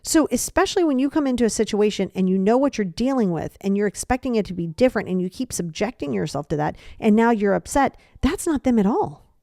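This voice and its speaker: Animated woman giving advice, dry sound. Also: mid-range voice, fast talker, dry recording. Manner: animated, acts out example dialogues in quoted voices; repeats phrases for emphasis. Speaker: podcast host. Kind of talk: casual advice talk.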